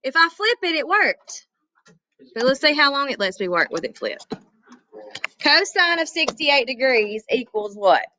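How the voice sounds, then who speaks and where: Casting: woman math teacher, somewhat high voice, chatty, quizzes the class. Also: sing-song, a little slow, bright, forceful tone, no echo, poor audio. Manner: chatty, asks the class questions, addresses students as y'all. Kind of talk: classroom lesson.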